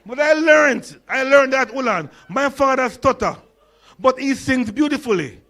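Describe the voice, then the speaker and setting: A Jamaican man in his sixties with a stutter and lisp gives a humorous conference talk, telling stories and asking the audience questions. His voice is very high-pitched, expressive, and fairly bright, and he speaks unhurriedly.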